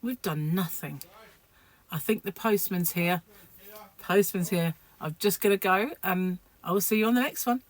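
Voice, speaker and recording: A tired woman rambles on to her home camera, her speaking voice sitting a touch low. She talks in a loose, chatty way, with plenty of fillers and false starts, and sounds short on sleep. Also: normal speed. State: sleep-deprived. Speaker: vlogger. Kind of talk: casual chat to camera.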